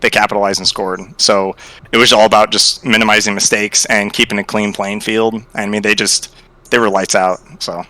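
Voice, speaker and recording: A male player giving relaxed, reflective answers in a post-match interview. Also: lowish voice, normal speed. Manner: relaxed, reflective, hedging with fillers.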